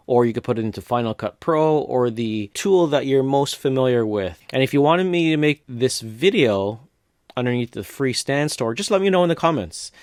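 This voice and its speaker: Male tutorial host, step-by-step casual walkthrough, dry close sound, mid pitch. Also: clean tone, no room sound. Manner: relaxed step-by-step narration with casual fillers. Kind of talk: screen-recorded software walkthrough.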